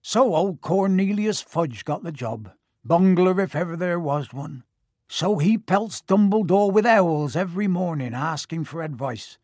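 A big-hearted giant booms out his lines in a husky, raised voice, as a male narrator puts him on. He is loyal and a bit boastful. The audiobook sound is dry and close. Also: lively intonation, measured pace, a little mellow, no echo. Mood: hearty. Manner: hearty, booming, folksy dialect. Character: huge gruff kindly giant man, boastful and loyal. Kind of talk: audiobook character voice.

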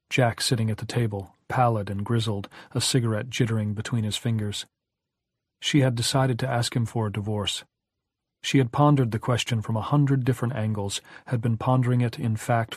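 A man reading a novel aloud as an audiobook narrator, in a measured, even storytelling manner. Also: fairly low pitch, husky, dry recording, clean studio sound. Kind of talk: scripted narration.

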